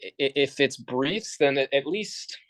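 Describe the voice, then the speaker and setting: A man's voice: mid-range voice, expressive, unhurried, fairly bright tone, no echo. A man being coached on a video call, answering hesitantly with stammering restarts. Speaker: group member being coached. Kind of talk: casual conversation on a video call.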